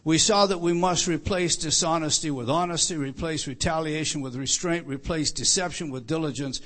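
A man preaching an earnest sermon, often repeating words and slowing down for emphasis. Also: on the high side, a bit bright. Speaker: pastor.

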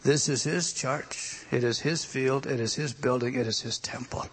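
A man preaching a sermon, moving between loud emphatic lines and hushed whispers. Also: mid-range voice, fairly even intonation, moderate pace, slight background noise.

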